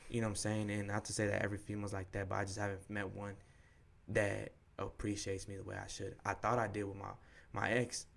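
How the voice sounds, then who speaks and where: A young man co-hosting a podcast speaks fast in a lowish, creaky, fairly bright voice with a completely flat delivery. He candidly retells a breakup in slangy, profane everyday language.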